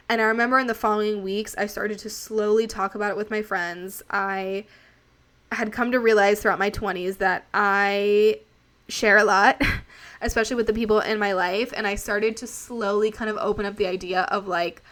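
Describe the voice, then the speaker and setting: A woman's voice: medium pitch, fairly even intonation, moderate pace, a bit bright. A woman in her late twenties hosting a podcast, telling a personal story in a candid, chatty way and often talking straight to her listeners. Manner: candid and chatty, addresses listeners as "you guys". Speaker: podcast host.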